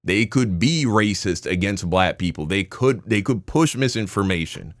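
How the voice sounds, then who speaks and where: A man's voice: sits low, expressive, normal speed, no room sound, clean studio sound. A man reacting to clips on a stream, talking bluntly and emphatically, with casual swearing.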